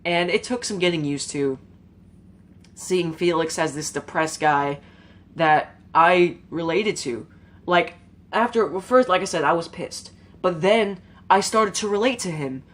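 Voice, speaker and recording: A woman's voice: lowish voice, a little slow. A woman giving an earnest, rambling opinion monologue to her viewers, casual and emotional, with fillers and some swearing. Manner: rambling, informal, with frequent fillers and mild swearing. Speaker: YouTube commentator.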